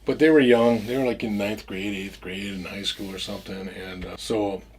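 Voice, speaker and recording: Profane, rambling man with a low voice. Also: steady tone, moderate pace, a little hiss or hum. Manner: rambling and profane, with many restarts, acting out both sides of old conversations. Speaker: storyteller. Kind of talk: casual first-person storytelling.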